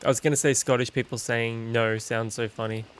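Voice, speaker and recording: An Australian man streaming a game, chatting in a relaxed way and swearing casually. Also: mid-range voice, brisk, smooth. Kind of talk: casual chat while gaming.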